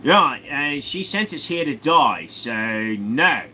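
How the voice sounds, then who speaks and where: Man putting on a cheeky Australian guy, put-on Australian accent, higher voice, animated, indignant. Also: takes it slowly, slight background noise, heavily acted. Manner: jokey, rambling, indignant.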